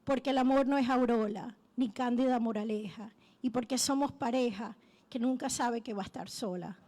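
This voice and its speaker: Warm woman reciting. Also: a little high, fast. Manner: rhythmic, heartfelt recitation. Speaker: poet performing at a poetry night. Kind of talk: poetry recitation.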